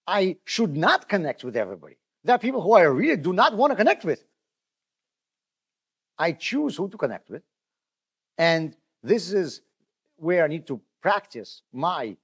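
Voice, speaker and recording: A man's voice: a little high, big pitch swings, moderate pace, pauses often, breathy edge. A man, a rabbi, teaching a class in a conversational, storytelling way, addressing his listeners directly and often restarting his words. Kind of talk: spoken Torah lesson.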